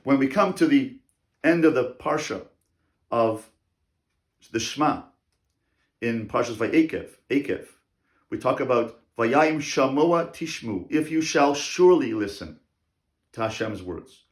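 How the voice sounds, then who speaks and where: Deliberate male rabbi in echoey room. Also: mid-range voice, lively intonation. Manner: deliberate, repeats key phrases for emphasis. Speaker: rabbi teaching. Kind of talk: religious lecture on parenting.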